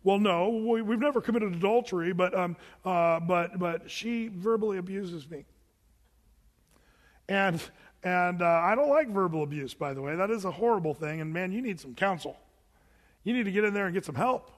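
A male pastor with a fairly high voice delivers a sermon in a casual, talky way. He often slips into imagined back-and-forth with his listeners. His voice carries a long, lingering hall reverb. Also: moderate pace. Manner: conversational, acting out imagined dialogues with listeners.

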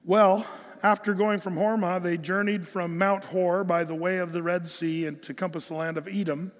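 A man's voice: sits high, level tone, moderate pace, in a large hall. A man from the United States preaching an earnest, emphatic Bible-teaching sermon, often restarting his phrases. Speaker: pastor.

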